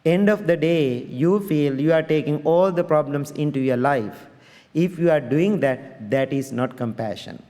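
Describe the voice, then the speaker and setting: Buddhist monk teaching in a reverberant hall. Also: male voice, on the high side, measured pace, mellow. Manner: non-native English phrasing, earnest and direct; conversational teaching, asks listeners to check understanding. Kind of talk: dharma talk. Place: large congregation hall.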